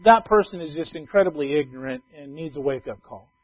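High-voiced pastor preaching on a tinny line. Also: male voice, animated, brisk. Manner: conversational preaching, swings between loud emphasis and soft asides. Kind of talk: sermon. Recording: tinny phone-like sound.

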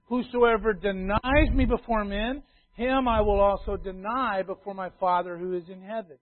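A man preaching a sermon in an emphatic way, repeating key phrases and swinging between loud declarations and hushed asides. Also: high-pitched, fairly even intonation, moderate pace, no room sound. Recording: tinny phone-like sound.

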